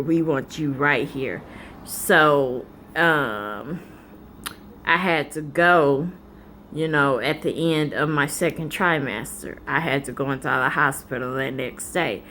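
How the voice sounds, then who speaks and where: A woman vlogger telling a personal story in a candid, animated, colloquial way. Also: low-pitched, slight background noise.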